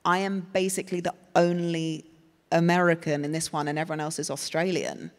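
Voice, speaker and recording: An English actress, a guest on a live festival panel, answers questions on stage in a thoughtful, rambling way full of fillers and restarts. Her voice is lowish and fairly quick, with fairly even intonation. The recording has the reverberance of a hall at a live event.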